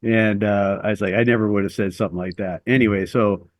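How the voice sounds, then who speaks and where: A man's voice: lowish voice, fairly even intonation, fast talker. A middle-aged man telling a long personal story as an interview guest, rambling and self-deprecating with lots of fillers.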